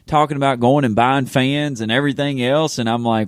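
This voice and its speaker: Man, pastor co-hosting a podcast, rambling and animated, dry close sound. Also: medium pitch, brisk, clear, resonant tone, no room sound. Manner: animated, rambling, self-interrupting with fillers. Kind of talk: casual faith podcast chat.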